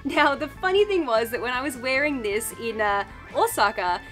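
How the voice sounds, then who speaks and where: A woman's voice: a little high, expressive, normal speed, fairly bright tone, faint music behind. A young woman with an Australian accent chatting through a clothing haul in a bubbly, gushing, playful way. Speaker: fashion vlogger. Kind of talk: casual thrift haul chat.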